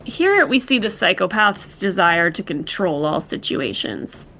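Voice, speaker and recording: Bright-voiced female true-crime host. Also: on the low side, sing-song, measured pace, soft background music. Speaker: podcast host.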